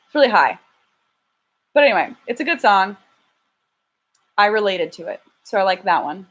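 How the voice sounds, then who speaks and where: A woman's voice: medium pitch, very animated, normal speed, a bit bright. Chatty young woman live-streaming. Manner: chatty, frank, self-deprecating, stumbles and restarts. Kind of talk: casual live-stream chat reading super chats. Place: home, lives in LA.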